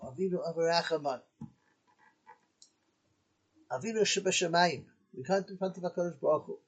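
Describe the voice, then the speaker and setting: Gravelly-voiced rabbi telling a sermon story. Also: male voice, mid-range voice, a little mellow, rough recording. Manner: acts out dialogue between father and son in the story.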